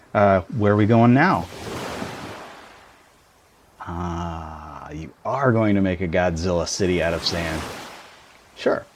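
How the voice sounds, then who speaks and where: A man in a whispered role-play, playing a tiny boyfriend and softly reading a book aloud. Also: low-pitched, slow pace, pauses often, a little hiss or hum.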